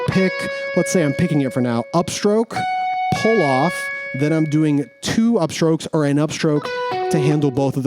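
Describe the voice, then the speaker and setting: Relaxed man explaining guitar technique. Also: fairly high pitch. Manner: relaxed, thinking aloud with frequent restarts. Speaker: guitar teacher. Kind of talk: casual instructional explanation. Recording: guitar playing behind the voice. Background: guitar playing.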